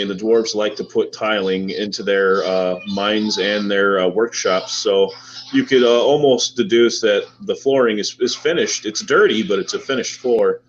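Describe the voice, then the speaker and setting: A man running a tabletop game as game master, narrating loosely with many fillers. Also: lowish voice. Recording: dull lo-fi recording with faint noise.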